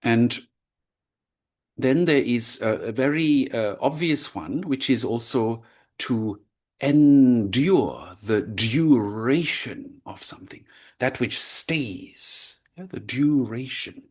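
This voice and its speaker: A man's voice: medium pitch, lively intonation, slow. A man teaching a lecture, explaining with frequent checks like "right?" and "yeah?". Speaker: language teacher.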